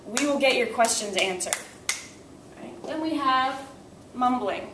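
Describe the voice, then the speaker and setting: A woman's voice: on the high side, a little slow, background noise. A young woman teaching a class, explaining methods step by step and often checking in with "right?". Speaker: language teacher. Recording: echoey room, voice far from the mic.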